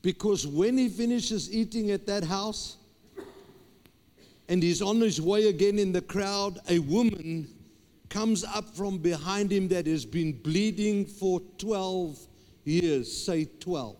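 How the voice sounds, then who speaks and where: A man's voice: sits high, slow pace, a little mellow. A man, a pastor preaching a sermon with emphatic repetition and stammered restarts. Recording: long hall reverb.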